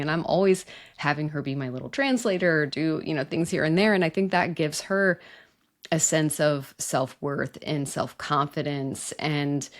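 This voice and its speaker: A woman in her thirties hosting a casual podcast chat, talking reflectively with lots of "like" and "you know". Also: deep voice. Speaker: podcast host.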